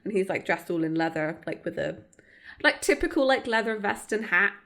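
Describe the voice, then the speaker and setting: A woman's voice: medium pitch, expressive, moderate pace, fairly bright tone. A woman co-hosting a podcast, recapping a TV episode in casual, chatty talk full of fillers and giggles. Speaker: podcast co-host.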